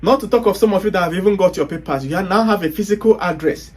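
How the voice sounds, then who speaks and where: Blunt high-voiced Nigerian man lecturing. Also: quick pace. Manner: blunt, scolding, rhetorical questions. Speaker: online business speaker. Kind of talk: motivational talk to viewers.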